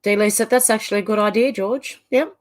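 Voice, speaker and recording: A woman's voice: mid-range voice, steady tone, fairly quick. A middle-aged woman with an Australian accent hosting a livestream, chatting casually as she reads out viewer comments and often trails off mid-sentence. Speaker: livestream host. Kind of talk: casual chat reading out live comments.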